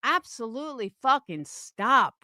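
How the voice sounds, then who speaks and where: A woman's voice: a little high, big pitch swings, unhurried, bright, forceful tone, dry recording, studio quality. A woman in her fifties ranting on a livestream, profane and scornful, mocking her critics. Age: 50s. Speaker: livestream host.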